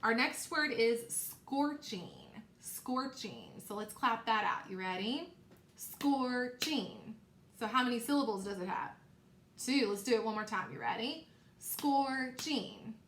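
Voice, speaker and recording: A woman's voice: fairly high pitch, animated, fairly bright tone, a little hiss or hum. Encouraging woman teaching children phonics. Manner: slow, encouraging, repeats sounds for kids to echo. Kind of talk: recorded phonics lesson for young children.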